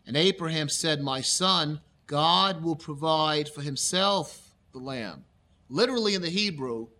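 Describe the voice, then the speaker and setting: A male pastor preaching a sermon, reading scripture aloud slowly and explaining the meaning of Hebrew words. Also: a little high, sharp tone. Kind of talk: expository Bible sermon.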